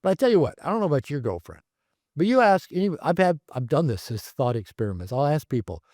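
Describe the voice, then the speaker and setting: A man, a therapist and author, telling stories in a casual interview, rambling and animated with many fillers. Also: fairly high pitch, fast, dry recording, studio quality. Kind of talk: casual conversational storytelling. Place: his home.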